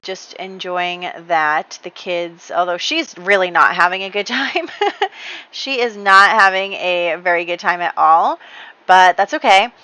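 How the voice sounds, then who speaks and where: A woman's voice: on the low side, measured pace, sharp tone, smooth, muffled recording. A woman hosting a game channel, telling the story of her play session in a casual, chatty way with many fillers and light laughs.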